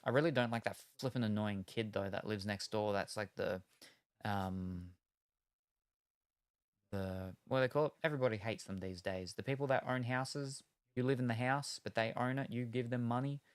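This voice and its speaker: This man, a streamer opening trading cards, chats casually in a fairly low voice at a moderate pace. His retellings meander, full of hedges and trailing asides, and the tone is clean with no echo.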